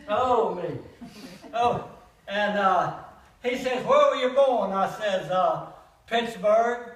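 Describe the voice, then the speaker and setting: Older man, high-pitched folksy comic, laughs at own jokes; echoey hall, distant mic. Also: measured pace, a bit bright. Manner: folksy joke-telling, laughing at his own punchlines. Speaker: comedian. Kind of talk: comic monologue at a church gathering. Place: church hall.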